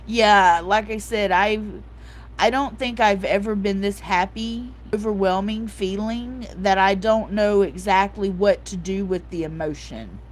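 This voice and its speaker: Slow-talking emotional woman livestream host. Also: mid-range voice. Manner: soft-hearted, emotional, reads out chat comments; repeats herself, fillers like "like" and "um". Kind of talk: casual live-chat talk.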